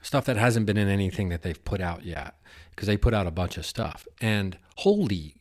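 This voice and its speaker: A man's voice: lowish voice, expressive, moderate pace. A man hosting a podcast, rambling and chatty in a casual solo monologue, laughing at himself and swearing now and then. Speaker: podcast host.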